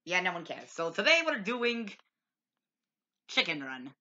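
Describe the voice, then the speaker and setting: A woman's voice: on the low side, sing-song, a little slow, pauses often, background noise. A woman hosting a home-made comedy film review, bossy and mock-grumpy. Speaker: film reviewer, show host. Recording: lo-fi home recording.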